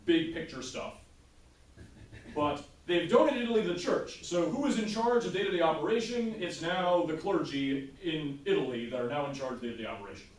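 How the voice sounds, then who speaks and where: A man's voice: fairly high pitch, distant mic. A man teaches a history class in a loose, conversational way and keeps checking in with his listeners. He sounds roomy and a little off-mic, as though the recorder sits across the classroom. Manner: conversational, checks in with "right?" often.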